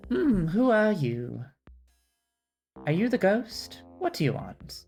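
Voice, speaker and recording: A man's voice: high voice, huge pitch swings, slow, vocal fry, darkish tone, faint music behind, pitched above the performer's own voice, full character voice. A man voicing a polite, formal female ghost who serves a castle. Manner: formal and courteous.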